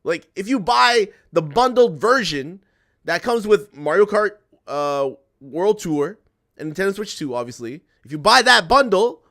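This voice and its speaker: A man's voice: high voice, expressive, moderate pace, a bit bright. A young man streaming and chatting to viewers, ranting in an exasperated way, repeating himself and swearing. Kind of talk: ranting casual chat to viewers.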